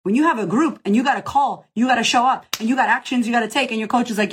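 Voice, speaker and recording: A woman's voice: on the high side, rapid-fire, hardly any pauses, slightly rough. A woman business coach answering questions in a casual live Q&A, blunt, profane and emphatic, rallying the listener directly.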